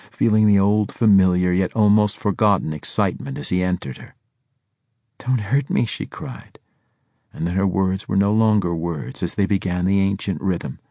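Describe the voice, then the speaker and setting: A man narrates an audiobook from a script in a steady, measured storytelling manner. His voice is low-pitched, and the clean studio sound carries no room sound.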